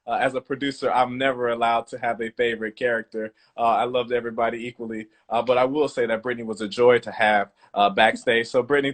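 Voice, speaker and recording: A man hosting and producing a theatre podcast, interviewing actors over a video call in a relaxed way with many fillers. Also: medium pitch.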